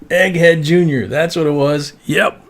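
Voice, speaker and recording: A man's voice: on the high side, a little slow, noisy background. A man hosting a coin live stream, chatting casually in a rambling way, with lots of fillers and restarts. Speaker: host of a coin roll hunting live stream.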